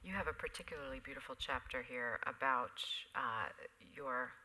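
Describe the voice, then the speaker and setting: A woman moderating a live on-stage interview in a theater, measured as she introduces topics. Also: extremely low pitch, bright, forceful tone, slight background noise, rough recording. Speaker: event moderator.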